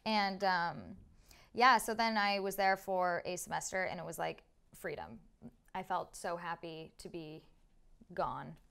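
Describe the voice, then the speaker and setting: Low, gravelly young woman chatting. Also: measured pace, fairly bright tone. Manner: chatty, lots of "like" and "um". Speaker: podcast guest. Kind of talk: casual interview chat.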